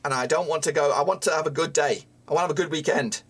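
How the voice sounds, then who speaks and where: A man reacting live to his team's match as a fan streamer, excitable, swearing often and yelling at the players. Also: on the high side, fast talker, husky.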